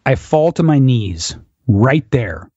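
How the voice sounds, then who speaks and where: A man's voice: mid-range voice, very animated, slow pace, dark tone, husky, no echo. Man telling a story in a dry recording. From United States. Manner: vivid storyteller who chuckles and acts out quotes. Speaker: interview guest. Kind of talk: storytelling in a podcast interview. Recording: dull, dry lo-fi audio.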